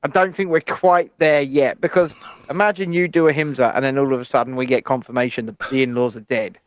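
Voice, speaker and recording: A man's voice: mid-range voice, steady tone, a little fast, smooth, dry recording, highs cut off. A man co-hosting a casual news chat show, talking in an opinionated, chatty way with hedging asides. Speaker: co-host.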